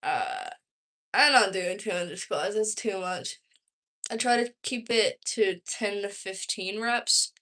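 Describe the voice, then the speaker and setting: A woman's voice: medium pitch, lively intonation, slow, fairly bright tone. A young woman around twenty with a Southern accent, chatting casually on a livestream, rambling with lots of "like" and "um". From Texas, US. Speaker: vlogger.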